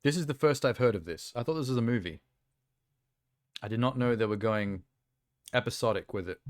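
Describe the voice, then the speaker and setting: A man's voice: mid-range voice, expressive, a little fast, no echo, clean studio sound. A man streaming casual reaction chat, rambling and offhand with lots of fillers, talking around a sour lolly in his mouth.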